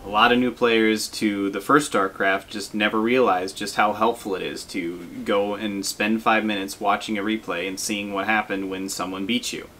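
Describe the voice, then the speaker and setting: A man's voice: fairly low pitch, normal speed, few pauses, slight background noise. A young man giving casual, self-deprecating commentary over gameplay as a gaming video host. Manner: relaxed, self-deprecating, frequent fillers.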